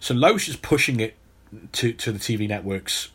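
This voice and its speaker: A man's voice: medium pitch, expressive, moderate pace, fairly bright tone, husky. A man hosting a podcast, telling a long story in casual chat and often restarting his sentences. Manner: storytelling, repeats words when restarting. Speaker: podcast host.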